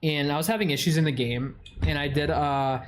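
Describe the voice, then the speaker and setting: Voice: mid-range voice, brisk, slight background noise. A streamer with a stuffy nose, casually chatting with viewers and answering their questions, full of crude swearing and mock insults.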